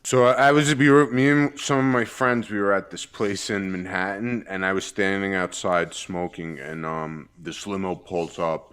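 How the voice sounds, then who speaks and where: A male comedian guest telling stories in a laid-back, deadpan way. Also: low voice, clean tone. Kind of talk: casual storytelling.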